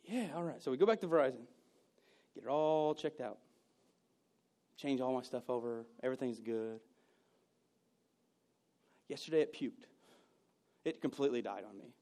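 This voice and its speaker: A man preaching a sermon, telling personal stories and moving between loud bursts and hushed moments. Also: medium pitch, lively intonation, moderate pace, long pauses. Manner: storytelling, swings from loud to hushed. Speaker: pastor.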